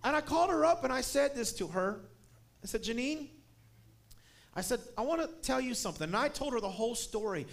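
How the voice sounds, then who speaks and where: High-voiced preacher telling a story. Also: male voice, animated, brisk, gravelly. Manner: storytelling, building to shouted emphasis. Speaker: guest preacher. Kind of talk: sermon.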